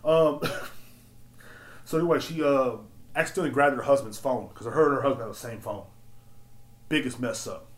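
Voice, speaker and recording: A man hosting a podcast, telling work stories in a blunt, profane, animated rant. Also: mid-range voice, moderate pace, long pauses. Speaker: podcast host. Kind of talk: casual storytelling rant. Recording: roomy echo.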